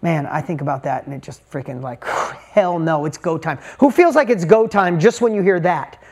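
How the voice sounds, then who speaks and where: A woman's voice: low voice, normal speed, a little mellow. A woman motivational speaker addressing a live audience from a stage, talking in short punchy bursts and firing rhetorical questions at the crowd.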